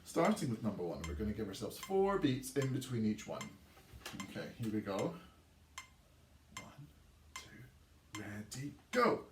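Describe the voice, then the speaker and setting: A man's voice: fairly low pitch, big pitch swings, fairly quick. A man teaching a recorded online music lesson for children, chanting rhythm words and encouraging the pupils. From England. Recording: echoey room, faint noise.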